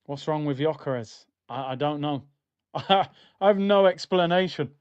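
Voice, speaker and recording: A man's voice: fairly high pitch, a little slow, a little mellow, smooth, dull audio. A young man hosting a live football watchalong, talking in slangy, exasperated banter about the match.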